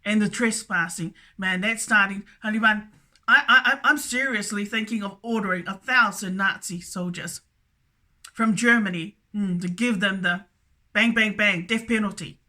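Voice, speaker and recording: A woman's voice: mid-range voice, normal speed, pushed and bright. A woman rambling through a solo video monologue, stammering and repeating herself, with a habit of tagging "that's correct" onto her statements. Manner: repetitive, stammering, keeps saying "that's correct". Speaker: video blogger.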